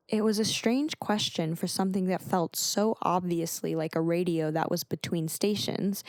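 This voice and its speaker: A woman narrating an audiobook chapter in a steady storytelling manner. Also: fairly low pitch, no echo.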